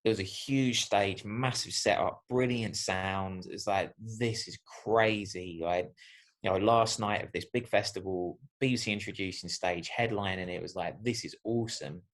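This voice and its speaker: A man's voice: low-pitched, moderate pace, fairly bright tone. A man, a musician guest on a podcast, talking in a reflective, rambling way with many fillers. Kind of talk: casual podcast chat.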